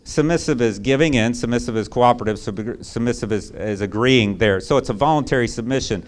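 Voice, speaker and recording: A man's voice: mid-range voice, brisk. A male pastor preaching a sermon in a conversational, emphatic way, often checking in with rhetorical asides.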